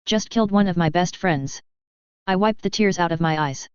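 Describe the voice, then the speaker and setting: A woman narrating a fan fiction story in an even, unhurried reading voice. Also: fairly low pitch, smooth, no room sound. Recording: dull dry lo-fi audio.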